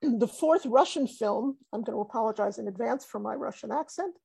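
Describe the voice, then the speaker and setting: A woman's voice: on the high side, brisk, creaky, mellow, husky, no room sound. Hesitant woman giving academic talk. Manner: hesitant, many fillers and restarts. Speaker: academic panelist. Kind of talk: academic talk over screen share. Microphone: video call.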